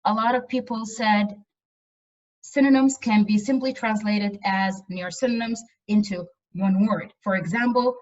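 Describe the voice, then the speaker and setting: Woman lecturer, earnest and emphatic, mid pitch, muffled video-call audio. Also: fairly even intonation, measured pace. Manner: earnest, emphatic with frequent repetitions. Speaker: university lecturer. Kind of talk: online lecture.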